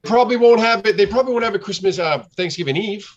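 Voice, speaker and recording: A joking, teasing man in a casual group chat who says he talks too fast. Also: sits high, animated, highs cut off.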